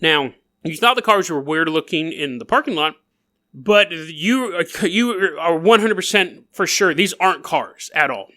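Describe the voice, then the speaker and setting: A man's voice: a little high, expressive, measured pace, sharp tone. A man hosting a podcast, telling a strange story in a playful, jokey way, giggling through his lines and riffing on tangents. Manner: riffs and goes off on tangents. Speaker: podcast host. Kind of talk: comedic storytelling narration.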